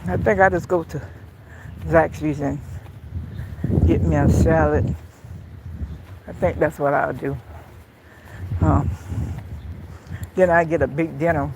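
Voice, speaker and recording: A woman's voice: sits low, fairly even intonation, takes it slowly, pauses often, heavy background noise. A woman chatting casually on a live phone stream while walking outdoors and then at home, rambling and repeating phrases, out of breath from walking. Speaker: vlogger. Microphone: phone camera.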